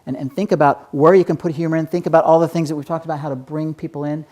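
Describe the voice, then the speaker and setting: A man's voice: fairly high pitch, fairly even intonation, rapid-fire, mellow. A man giving a keynote on public speaking to a live audience, conversational and often checking in with "right?". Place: stage before a live audience.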